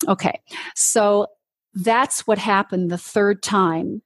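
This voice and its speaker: A woman's voice: mid-range voice, steady tone, slow pace, dry recording. A woman, a ministry leader, guest on an interview show, telling her personal testimony in an earnest storytelling way, acting out the voices she quotes.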